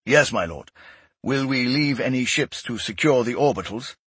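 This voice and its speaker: A man's voice: medium pitch, expressive, moderate pace, a bit bright, slightly rough, dry recording. A man voicing a precise, deferential male adjutant who reports formally and matter-of-factly.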